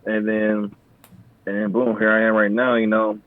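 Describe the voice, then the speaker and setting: A man's voice: normal speed, no echo, narrow, tinny audio. A young man and Marine veteran, a podcast guest, telling his story casually with plenty of swearing and acted-out customer voices. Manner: profane, animated storyteller who acts out customers in higher voices. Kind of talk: casual conversational interview.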